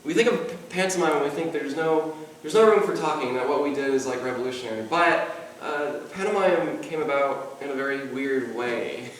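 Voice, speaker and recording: A man with a slightly high voice speaks casually on a convention panel, stumbling and repeating words in a mild natural stutter. He is far from the mic in a very echoey hall. A faint hiss sits under the room sound. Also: a little fast. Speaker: convention panelist, mime performer.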